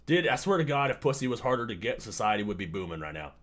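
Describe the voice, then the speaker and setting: Swearing, ranting streamer guy with lively pitch. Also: fast. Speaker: livestream host. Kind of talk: casual reaction commentary.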